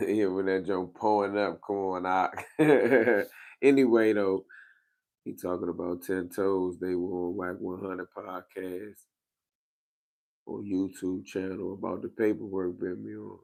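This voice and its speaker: A gravelly New man with a low voice, a little tired, hosting a casual livestream. He talks in loose, laid-back slang and answers his viewers straight into his own microphone. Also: steady tone, measured pace, a little mellow. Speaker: livestream host. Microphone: wearing a microphone.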